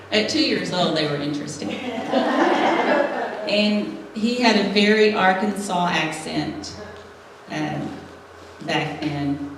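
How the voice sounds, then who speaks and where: Speaking at a women's church gathering, a middle-aged woman delivers a comic personal testimony with frequent laughter. Her pitch is fairly low. The mic sits at a distance in an echoey hall, with slight background noise.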